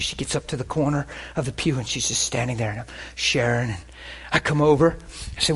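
A man preaching and telling healing stories, swinging between hushed and loud. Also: medium pitch, quick pace, hardly any pauses, husky. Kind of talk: sermon with healing testimony.

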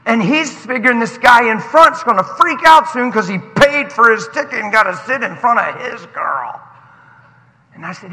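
High, bright-voiced man preaching. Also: moderate pace, slight background noise. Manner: animated and emotional, breaking off to greet friends. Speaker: pastor. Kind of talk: sermon. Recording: long reverb of a large hall.

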